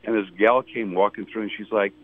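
A male comedian telling a wry, deadpan story as a radio guest. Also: fairly low pitch, brisk, no room sound. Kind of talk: casual anecdote on radio. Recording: dull lo-fi radio sound.

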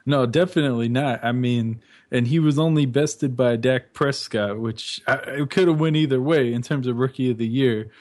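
A man with a mid-range, slightly mellow voice co-hosts a sports radio show, chatting casually. He weighs his views hesitantly, offering measured opinions padded with lots of fillers.

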